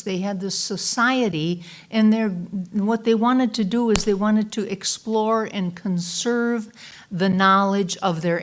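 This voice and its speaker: Woman minister, Sunday talk, relaxed storyteller, mid-pitched voice, fillers and restarts. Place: church sanctuary.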